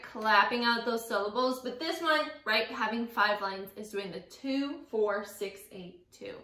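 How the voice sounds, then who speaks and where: A woman's voice: fairly high pitch, sharp tone. A young woman teaching a lesson to young students, upbeat and often checking in with "right?" and "okay?". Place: classroom. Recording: echoey room.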